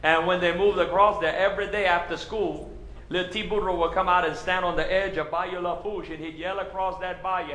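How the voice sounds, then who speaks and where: A man's voice: sits high, steady tone, fairly quick, bright, forceful tone, roomy sound. A man with a Cajun accent telling folksy stand-up stories to a live audience. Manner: folksy, conversational storytelling. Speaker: comedian.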